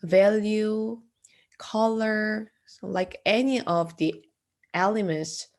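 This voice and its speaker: A woman lecturing as an art teacher in a classroom, slow and hesitant, with frequent fillers and throat clearing. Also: mid-range voice, fairly even intonation, a little mellow.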